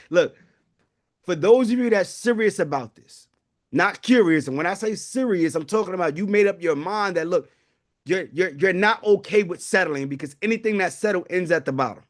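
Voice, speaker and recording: With a high voice, lively intonation and normal speed, this webinar host delivers a live online pitch about building wealth. He comes across as fervent and preachy, repeatedly addressing the audience.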